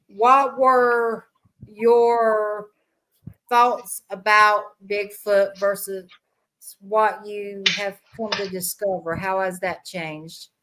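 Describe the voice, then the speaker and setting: Slow-spoken woman podcast host. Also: medium pitch, fairly bright tone, poor audio. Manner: asks long, winding questions. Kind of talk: interviewer questions.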